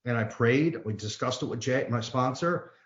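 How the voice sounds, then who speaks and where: A man's voice: mid-range voice, moderate pace. A man, an AA speaker, reading aloud and then telling a personal story in a plain, earnest way with frequent restarts. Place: meeting room. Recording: dull, roomy meeting-hall sound.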